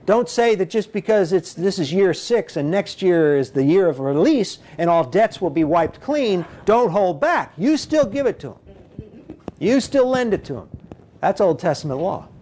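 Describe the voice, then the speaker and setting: Animated preacher, man with a higher voice. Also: moderate pace. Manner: animated, acts out quoted voices with big pitch jumps; conversational, frequent "you know". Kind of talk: sermon.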